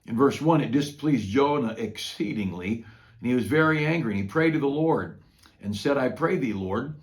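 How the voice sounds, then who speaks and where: A man's voice: medium pitch, normal speed. An older man, a pastor, retelling a Bible story in a folksy, conversational devotional talk.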